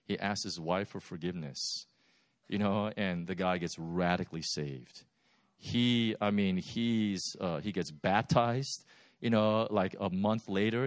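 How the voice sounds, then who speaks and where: A man preaching a sermon, telling stories in a lively, animated way with laughs. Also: lowish voice, no room sound, studio quality. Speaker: pastor. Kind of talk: sermon storytelling.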